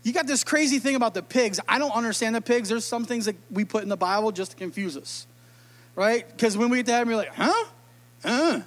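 Brief: an emotional, animated preacher with a very high voice, casual sermon. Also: male voice, fast. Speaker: pastor.

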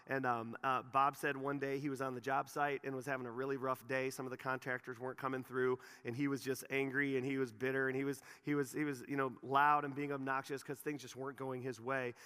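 A man preaching a sermon, telling a story with animated, repetitive phrasing in a church hall. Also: mid-range voice, clear, resonant tone. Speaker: pastor.

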